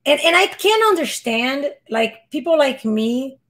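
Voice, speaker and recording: She has a squeaky, fairly high voice and rants in an exasperated, rambling way. She keeps restarting her sentences. It sounds like casual live reaction commentary from a streamer. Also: lively intonation, unhurried, a bit bright.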